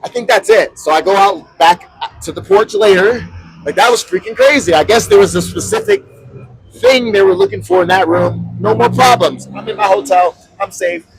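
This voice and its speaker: On an outdoor city balcony, a podcast co-host casually tells a story, animated and acting out the people he quotes while swearing freely. His voice sits a little high, with a breathy edge.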